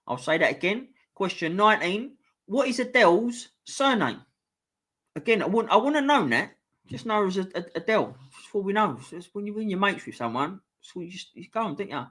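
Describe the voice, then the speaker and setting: Young London bloke, fairly high voice, casual quizmaster, sweary and chatty. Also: male voice, big pitch swings, brisk, a bit bright. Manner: swears freely, offhand banter between questions. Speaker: quiz host. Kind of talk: casual live-stream pub quiz.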